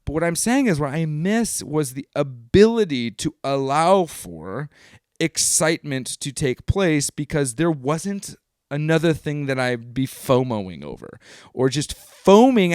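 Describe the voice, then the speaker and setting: A man in his thirties hosting a live stream, talking casually in a rambling, animated way that often interrupts itself. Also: on the high side, unhurried, clean tone, dry recording, studio quality. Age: 30s. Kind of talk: casual livestream monologue.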